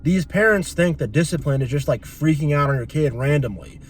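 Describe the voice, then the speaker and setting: A man's voice: fairly high pitch, expressive, brisk, a little hiss or hum. A young man talking in a casual, opinionated and rambling monologue as a channel host. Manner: opinionated, rambling, acts out quoted voices.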